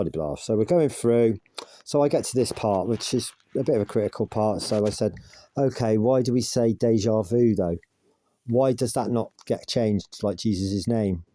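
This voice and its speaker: A man's voice: on the low side, warm tone, no echo. A man casually recounting an argument with an AI, rambling and pushing back. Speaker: vlogger.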